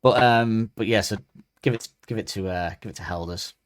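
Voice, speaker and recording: A man's voice: on the low side, fairly quick, dry recording, studio quality. A man co-hosting a podcast in casual chat, rambling and hesitant, with many ums and restarts. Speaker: podcast co-host.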